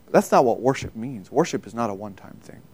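A man preaching a sermon, emphatic, rising in force when he quotes scripture and pausing now and then to find his place. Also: medium pitch, animated, darkish tone, breathy edge. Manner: pauses and self-corrects, loses place in notes.

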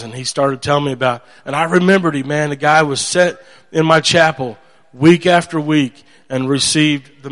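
Animated preacher in a reverberant hall. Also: male voice, medium pitch. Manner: animated storytelling, acts out voices. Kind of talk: sermon.

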